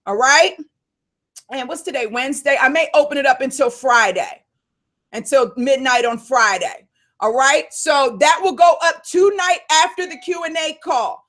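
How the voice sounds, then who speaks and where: A woman coach hosting a live Q&A call, fired up and loud, calling her listeners y'all. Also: high-pitched, moderate pace.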